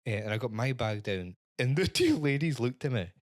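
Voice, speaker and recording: Lively man telling a story. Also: medium pitch, brisk, no room sound, studio quality. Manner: animated storyteller, acts out dialogue, swears casually. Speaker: podcast co-host. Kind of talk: casual chat, anecdote telling.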